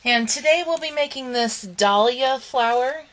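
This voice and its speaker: A woman's voice: high-pitched, measured pace, fairly bright tone, a little hiss or hum, low-quality recording. A woman hosting a casual papercraft tutorial, talking through each step with ums and okays while she is losing her voice. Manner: chatty step-by-step instructions with frequent ums and okays. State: losing her voice, clearing her throat. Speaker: crafting channel host.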